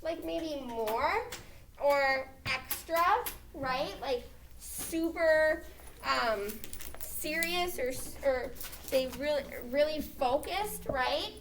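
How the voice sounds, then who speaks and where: A woman's voice: sits high, extremely slow, a little hiss or hum. A woman teaching a grammar lesson, checking in with "okay?" as she explains. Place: classroom. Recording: echoey classroom, mic far off.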